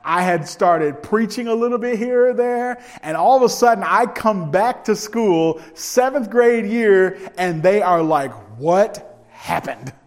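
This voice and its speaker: Man preacher, lively storytelling sermon, humorous, slightly higher voice, long church reverb. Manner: animated, humorous, swings from loud to hushed.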